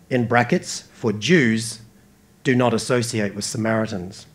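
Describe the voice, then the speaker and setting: A man with an Australian accent preaching a sermon earnestly, rising emphatically and dropping soft. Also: fairly low pitch, unhurried. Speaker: pastor.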